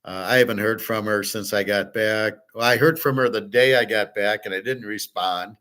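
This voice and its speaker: A man's voice: on the low side, fairly even intonation, normal speed, fairly bright tone. A middle-aged man hosting a casual monologue, rambling and blunt, swearing freely. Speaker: host.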